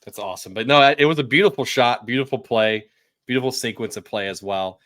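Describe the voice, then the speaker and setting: A man's voice: medium pitch, a little fast, a bit bright, dry recording, clean studio sound. A man co-hosting a soccer podcast, recapping a match in an upbeat way and asking his co-host questions, with many fillers. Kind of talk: casual sports chat.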